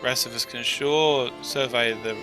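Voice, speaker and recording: A measured, reserved scholar speaks formally, as a man reads him aloud. His voice sits at a medium pitch. Game music plays clearly behind him. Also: fairly even intonation, close to an everyday voice, poor audio. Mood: thoughtful. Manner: formal, deliberate phrasing.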